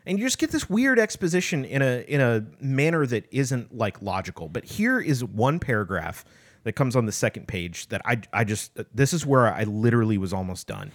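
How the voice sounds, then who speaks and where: A man's voice: medium pitch, very animated, normal speed. A man co-hosting a casual book discussion, reading a passage aloud with sarcastic emphasis and picking apart the writing. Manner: sarcastic, critical, reads passages with mocking emphasis. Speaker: podcast co-host.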